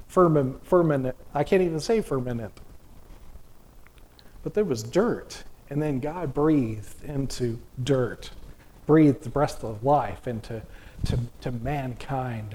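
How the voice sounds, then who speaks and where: A man's voice: mid-range voice, takes it slowly, dark tone. A middle-aged man preaching a sermon in a folksy, conversational way, full of restarts and rhetorical questions.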